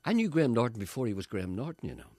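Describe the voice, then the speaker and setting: A man's voice: medium pitch, big pitch swings, racing, darkish tone, no echo. A man hosting a radio show, teasing his co-host with wry, mock-grand comic banter.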